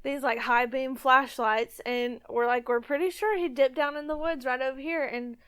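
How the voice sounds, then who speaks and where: A woman retelling her own hunting story on a podcast, with frequent laughs and an animated manner. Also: high-pitched, normal speed, smooth. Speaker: podcast guest and cohost. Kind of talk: casual storytelling chat.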